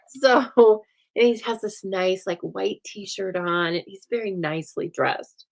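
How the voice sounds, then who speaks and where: A woman hosting a stamping craft show, chatting casually and telling a lively story while she works, acting out the other people's lines as she goes. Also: mid-range voice, a little slow, creaky, low-quality recording. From United States. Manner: chatty, animated storytelling with voiced quotes and laughs.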